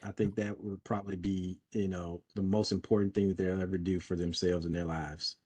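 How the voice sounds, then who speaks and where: Low-voiced man, hesitant guest. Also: flat delivery, fairly quick, dark tone, slightly rough. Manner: hesitant, many fillers and restarts. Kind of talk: interview guest speaking casually.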